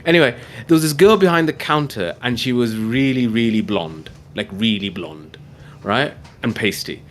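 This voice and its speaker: A man from the hosts a relaxed livestream chat. His voice sits mid-range. He tells stories with self-mocking humour over a faint hum of background noise. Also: mid-range voice. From England, near Birmingham. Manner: chatty storyteller, self-mocking, quick to joke. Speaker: podcast host.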